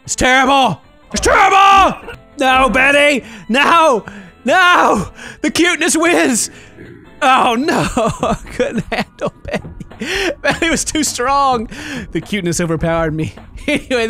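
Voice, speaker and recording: A man giving casual gameplay commentary, goofy and excitable, bursting into shouts. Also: high voice. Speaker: YouTube gaming commentator.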